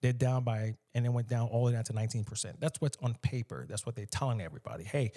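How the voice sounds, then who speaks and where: A man from the United States giving animated, emphatic solo commentary, often slipping into mocking voices. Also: mid-range voice, fast.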